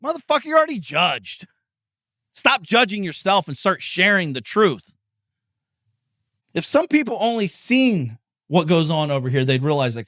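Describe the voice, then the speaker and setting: A middle-aged man hosting a podcast, delivering an intense, profane motivational monologue, often yelling. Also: sits high, very animated, normal speed, dry recording, clean studio sound. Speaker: podcast host.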